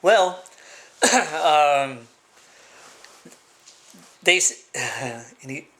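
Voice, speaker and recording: A man talking straight to camera in a loose, rambling monologue. He stops and restarts often, fills gaps with "uh" and "um", and states his opinions bluntly. His voice sits a little high and sounds bright and tense. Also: expressive. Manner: rambling and halting, full of "uh" and restarts. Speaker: vlogger.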